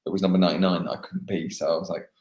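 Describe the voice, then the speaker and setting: A young English man, a motocross racer, chatting casually in a live interview, laughing and pausing on fillers. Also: deep voice, level tone, muffled recording. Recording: echoey room.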